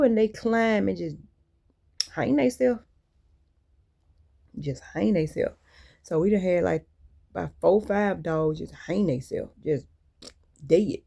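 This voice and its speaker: Gravelly, mellow-voiced woman venting. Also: mid-range voice, a little slow, pauses often. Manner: rambling, candid and venting; colloquial and blunt. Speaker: vlogger. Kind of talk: casual monologue to viewers.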